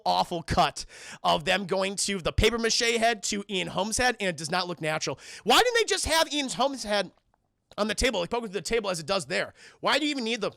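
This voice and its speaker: Gravelly high-voiced man recapping a film. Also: dry recording, studio quality. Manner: animated profane scene-by-scene retelling; keeps addressing the chat. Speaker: streamer and film reviewer. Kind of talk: livestream film review chat.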